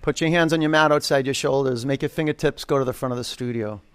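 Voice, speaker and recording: A yoga instructor leads a live studio class, calling out poses, counting down holds aloud, and teasing and joking with his students as he coaches. His medium-pitched voice is fast and clean.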